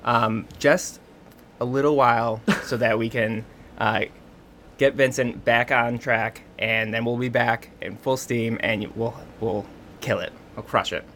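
A man co-hosting a podcast in casual chat, speaking calmly and reassuringly. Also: medium pitch, unhurried, slight background noise. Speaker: podcast co-host.

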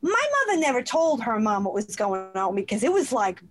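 Woman, high voice, guest, emotional storytelling, animated, acts out quotes. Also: a little fast.

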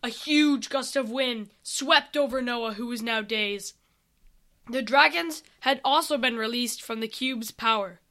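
Woman reading a fantasy story out loud, high bright voice, takes her time. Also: measured pace.

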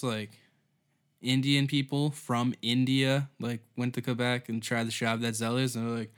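A man's voice: medium pitch, little pitch movement, moderate pace, smooth. A man with a mid-range voice talks his way through a solo comedy podcast. He rambles loosely, cursing as he goes and sinking into mumbled asides before picking the thread back up. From Canada. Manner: rambling, profane, offhand, trailing off into mumbles. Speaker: podcast host.

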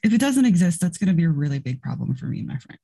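Husky woman asking questions in a game. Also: on the low side, big pitch swings, fast, mellow. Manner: inquisitive, many questions. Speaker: player. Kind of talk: tabletop role-play.

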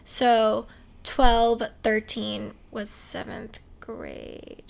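A young woman co-hosts a podcast, chatting casually and telling stories in a giggly, animated way with lots of laughter. Her voice is fairly high, very slow, and has vocal fry.

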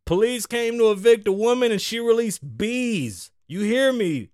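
Animated, profane man from the Bronx. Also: high-pitched, unhurried, no room sound, studio quality. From the Bronx, New York. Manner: profane, riffing, teasing a co-host. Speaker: podcast host. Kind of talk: casual freestyle podcast talk.

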